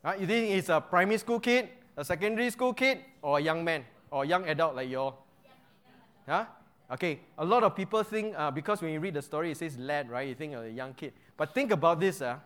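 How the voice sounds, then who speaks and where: A man's voice: fairly high pitch, a bit bright. A man teaching an interactive Bible lesson. He quizzes his listeners with frequent checks like "right?" and repeats key phrases for emphasis.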